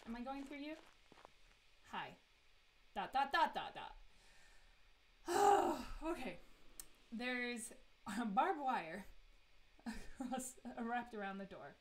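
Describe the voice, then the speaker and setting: A woman's voice: a little high, very animated, takes it slowly, pauses often, a little hiss or hum. A woman streaming a horror game, chatty and giggly as she talks to herself and her chat. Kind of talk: live let's play commentary.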